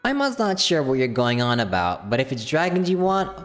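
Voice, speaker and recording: A man's voice: medium pitch, wildly swooping pitch, brisk, fairly bright tone, big-room sound, faint music behind, voice pushed up. A man voicing a small, chirpy female fairy companion who speaks about herself in the third person. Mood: eager.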